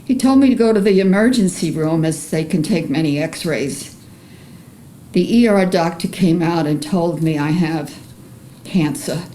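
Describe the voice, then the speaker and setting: An older woman with a Bronx accent, an artist reading a personal memoir aloud in an earnest, emotional, measured way. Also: on the low side, dark tone, a little hiss or hum, poor audio. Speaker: artist presenting her paintings.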